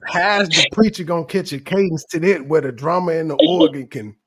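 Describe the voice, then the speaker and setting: A man's voice: fairly high pitch, fairly quick, fairly bright tone, poor audio. A young adult man hosting reaction commentary, joking and mocking with plenty of profanity. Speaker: commentary channel host.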